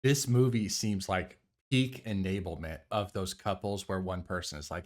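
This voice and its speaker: A man giving casual live commentary on a film he is watching, sarcastic, profane and animated. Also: deep voice, moderate pace. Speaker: movie reactor.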